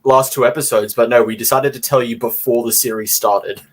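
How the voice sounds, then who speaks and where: A man's voice: mid-range voice, fairly even intonation, fairly quick. A man co-hosting a casual podcast chat with dry, sardonic teasing. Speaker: podcast co-host.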